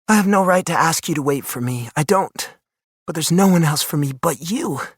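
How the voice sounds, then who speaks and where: Tearful, pleading young woman, higher and slightly breathy, read by a male narrator. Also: normal speed, no room sound, studio quality.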